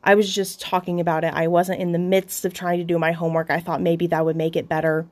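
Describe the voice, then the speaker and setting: A podcast host, a young adult woman with a fairly low, darkish voice and little pitch movement, opens up about something personal. Her candid telling is halting, with frequent restarts and the odd swear word.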